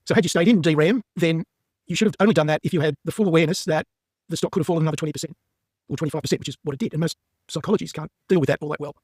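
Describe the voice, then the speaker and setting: A man giving members a brisk, emphatic market update while walking through stock charts. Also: fairly high pitch, a little mellow, slightly rough, no room sound, studio quality. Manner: brisk and emphatic, plain-spoken.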